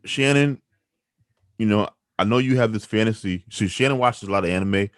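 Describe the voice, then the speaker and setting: On a weekly news talk show, this co-host speaks at normal speed in a voice on the low side, recorded at studio quality with no room sound. He pushes his views hard, animated and rhetorical, often restarting his sentences in opinionated news commentary.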